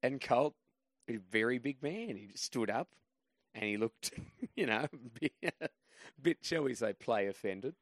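A man's voice: mid-range voice, expressive, a little slow, dry recording. A man guesting on a podcast as a comedian, telling rambling, self-deprecating anecdotes in a casual way.

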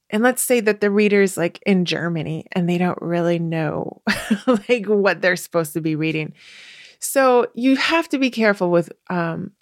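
A woman with a slightly low voice hosts a podcast and shares writing advice. She talks casually, with lots of fillers and self-corrections and the odd light laugh. Her voice sits close to the mic in a very dry, dead-sounding recording. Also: no echo. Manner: chatty, many fillers and restarts; laughs lightly while explaining.

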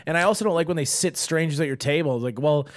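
A man's voice: on the high side, rapid-fire, dry recording, clean studio sound. A young man in his twenties, rambling loosely in casual chat, swearing and saying "dude" often. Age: 20s.

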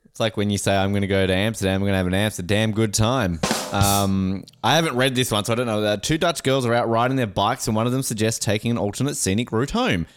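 A man's voice: quick pace, clean tone, soft background music. A man co-hosting a sports podcast in casual chat, joking around and reading jokes aloud. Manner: jokey, puts on silly high voices. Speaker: podcast co-host.

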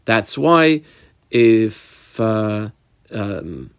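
A man's voice: fairly low pitch, very animated, drawn-out words, creaky, clear, resonant tone, no room sound, clean studio sound. A man teaching a daily Talmud class, reading Aramaic text aloud and translating it as he goes, with frequent fillers, while describing the underlines and marks on his page. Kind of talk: daf yomi Talmud class.

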